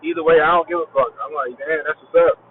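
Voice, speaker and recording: A man in his forties riffs through a casual talk show with animated, profane storytelling. His voice sits a bit high. The audio is thin and phone-like, with a faint hiss of noise underneath. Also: quick pace. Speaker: podcast host. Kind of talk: casual chat.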